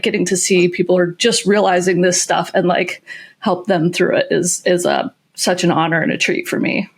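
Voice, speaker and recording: Brief: woman podcast guest, coach, plain and direct, with dry self-deprecating humor. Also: medium pitch. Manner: frank, matter-of-fact, self-deprecating humor. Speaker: guest, coach and content creator. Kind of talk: casual interview chat.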